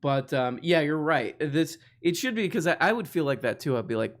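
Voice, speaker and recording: A man's voice: on the high side, lively intonation, fairly quick, hardly any pauses. Guy hosting a live stream, rambly and laughy, tripping over his words a lot. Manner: rambling, laughs often, many restarts. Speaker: host. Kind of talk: casual live-stream chat.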